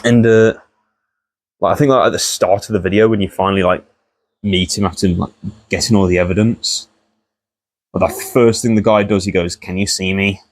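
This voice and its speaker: A man's voice: fairly low pitch, fairly even intonation, moderate pace, long pauses. A young man rambling casually through a profane commentary vlog, often laughing at the story.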